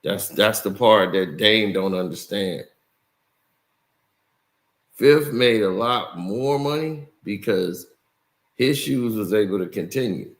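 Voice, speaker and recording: A man's voice: on the low side, expressive, slow, long pauses. A man giving casual commentary, explaining and asking rhetorical questions. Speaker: commentary streamer.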